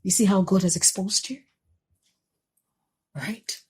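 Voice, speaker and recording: A woman's voice: medium pitch, takes it slowly, husky. An actress with a Nigerian accent playing a young wife who is angry at her husband for neglecting her, heated and accusing. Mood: bitter. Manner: heated, accusing, repeating herself. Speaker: actress in a film. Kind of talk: film drama acting.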